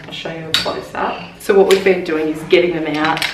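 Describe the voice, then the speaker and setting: Soft-spoken Australian mum vlogging at home. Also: female voice, low voice, steady tone, fairly quick, very noisy. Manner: soft, hushed voice, keeping quiet for someone asleep. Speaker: parenting vlogger. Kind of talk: casual home vlog narration. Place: family home. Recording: roomy and distant with music behind.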